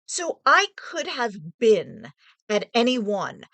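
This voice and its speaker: A woman's voice: fairly high pitch, huge pitch swings, takes it slowly, creaky, fairly bright tone, no room sound. A woman casually telling a personal story in a rambling, digressive way, thinking aloud as she goes.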